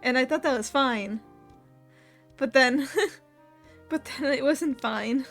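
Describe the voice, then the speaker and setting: Chatty young woman streamer, slightly high voice. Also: takes it slowly, soft background music. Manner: laughs often while telling a story, animated quoting of others. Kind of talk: casual chat.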